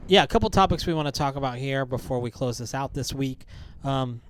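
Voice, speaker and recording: A man's voice: medium pitch, fairly quick, clear, resonant tone, no echo. A man co-hosting a podcast as a counselor, talking casually and rambling with many "like"s and "um"s. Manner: rambling, lots of "like" and "um".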